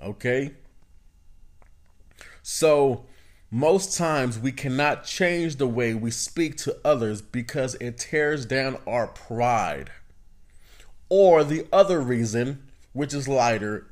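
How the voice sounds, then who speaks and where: A man hosts a self-help podcast in a casual, conversational way. His pitch is middling for a man. He circles back over his points and keeps checking in with his listeners. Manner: conversational, repeats phrases, asks "you know what I mean?". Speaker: podcast host.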